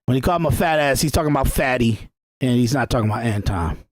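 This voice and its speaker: A man's voice: medium pitch, animated, fast talker, no echo. A male podcast host giving rambling, irritated commentary on clips, with restarts and repetition. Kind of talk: casual commentary reacting to clips.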